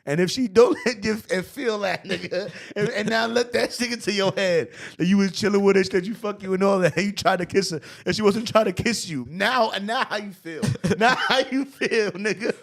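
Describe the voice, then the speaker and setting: A man reacting to a clip, laughing often and talking in loud, slangy disbelief. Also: sits high, normal speed, gravelly, few pauses. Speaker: streamer reacting to a video. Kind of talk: casual reaction commentary.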